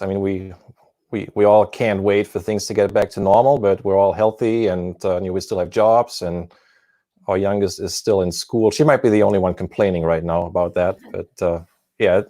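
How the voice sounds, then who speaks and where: A man on a video call as a guest, answering questions in a calm, measured way. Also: low voice, no room sound, clean studio sound. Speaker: guest pilot. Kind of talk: casual interview chat.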